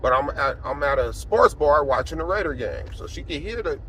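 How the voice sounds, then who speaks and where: A man in his forties tells a personal testimony in a relaxed, rambling way, with a fairly high voice for a man. He shifts from low, subdued stretches to loud, emphatic ones. A faint hum of traffic sits behind him. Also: brisk. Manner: conversational, many fillers, swings from quiet to emphatic. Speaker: apostle sharing a personal testimony. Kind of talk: casual spoken testimony.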